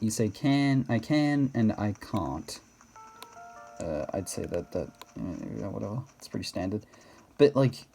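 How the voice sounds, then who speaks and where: A man's voice: medium pitch, mellow. An Australian man chatting casually over gameplay, rambling and self-correcting with laughs. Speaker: gaming video host.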